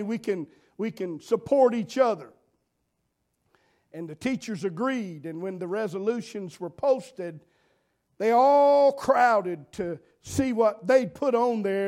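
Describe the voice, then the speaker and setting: A man's voice: high-pitched, darkish tone. A man preaching a folksy sermon, telling homespun stories in an earnest, repetitive way. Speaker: pastor.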